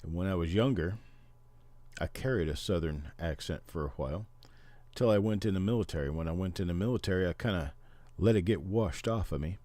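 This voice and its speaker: A man's voice: low voice, a little fast, warm tone, no echo. A middle-aged man hosting a casual livestream, chatting and explaining things to his viewers. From Missouri, Oklahoma and Memphis, Tennessee. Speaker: livestream host.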